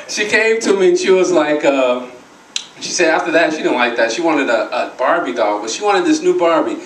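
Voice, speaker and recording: A male stand-up comedian with a high voice that swings widely in pitch as he works through his routine. He tells his stories with animation and acts out the voices of the people in them. The recording is roomy and distant, with clear noise underneath. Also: normal speed. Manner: animated storytelling, acting out quoted people. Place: live stage at a charity show.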